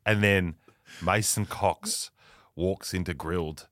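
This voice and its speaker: A man's voice: deep voice, slow pace, fairly bright tone, no room sound, clean studio sound. A young Australian man, hungover, telling a story in casual podcast chat and laughing mid-sentence. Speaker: podcast co-host.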